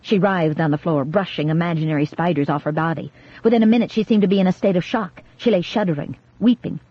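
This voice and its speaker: A woman narrating an audiobook in a measured, dramatic reading style, recorded in a studio. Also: lowish voice, dry recording. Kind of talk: scripted narration. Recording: dull, dry 1980s cassette studio reading.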